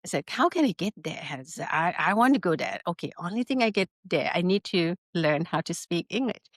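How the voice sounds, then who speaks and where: A middle-aged woman with a Thai accent, a spa business founder telling her story in an interview in lively, broken English. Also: on the low side, brisk, no room sound, clean studio sound. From Northern Thailand. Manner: animated storytelling with broken English, laughs often.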